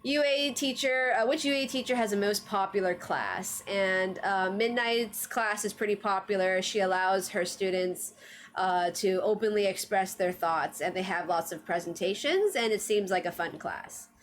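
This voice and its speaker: A woman's voice: medium pitch, normal speed. A woman streamer chatting casually on a livestream, full of fillers and frequent laughs. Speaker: streamer reviewing anime trivia.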